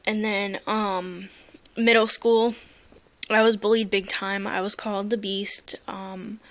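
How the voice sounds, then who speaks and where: A woman's voice: medium pitch, a bit bright. A woman telling a personal story into her phone, earnest and emotional, hesitating with many fillers. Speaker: vlogger.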